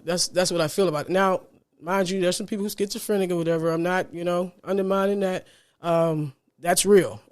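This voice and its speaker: A man hosting a podcast, giving a casual motivational monologue, earnest and repetitive, often ending phrases with "man". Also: high voice. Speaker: podcast host.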